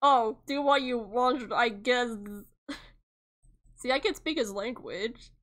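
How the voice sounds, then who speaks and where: A woman's voice: fairly high pitch, takes it slowly, a bit bright. A young woman narrating a game playthrough with sarcastic, giggly asides. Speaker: game player reading aloud.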